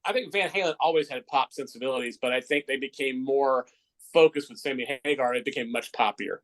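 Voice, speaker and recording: A man co-hosting a radio chat, giving measured, thoughtful opinions. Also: medium pitch, a bit bright, low-quality recording. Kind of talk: casual chat.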